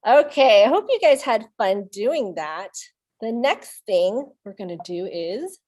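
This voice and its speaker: A children's librarian leads storytime, reading aloud and playfully making animal sounds with the kids. She has a high, slightly mellow voice.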